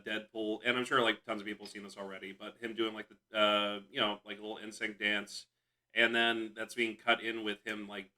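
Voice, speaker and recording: A man's voice: fairly low pitch, pushed and bright. A young man co-hosting a casual podcast chat, rambling with lots of fillers and restarts. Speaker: podcast co-host.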